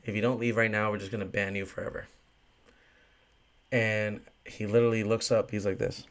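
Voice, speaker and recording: A man's voice: on the low side, fairly even intonation, brisk, fairly bright tone. A young man, a bartender hosting his own podcast, telling a story in a casual, ranting way, swearing often and filling in with "like" and "you know". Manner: profane, ranting, frequent fillers.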